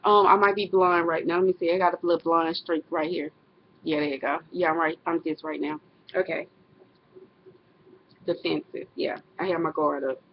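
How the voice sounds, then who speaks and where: A woman's voice: deep voice, fairly even intonation, moderate pace, a little hiss or hum. A middle-aged woman, talking casually to camera in a personal vlog, rambling and correcting herself. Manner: rambling, self-correcting, laughs often. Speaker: vlogger. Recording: dull lo-fi webcam audio.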